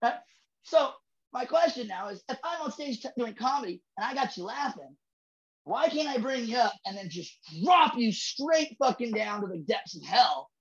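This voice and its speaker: A male comedian guest on a podcast, talking in a profane, emphatic way, building rhythm and bursting into shouts for emphasis. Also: very high-pitched, big pitch swings, normal speed, dull audio. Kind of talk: casual podcast chat.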